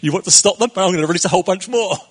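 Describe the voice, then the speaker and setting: A man's voice: sits high, rapid-fire, husky. A man preaching a casual sermon, chatty and conversational, laughing often and acting out the quotes.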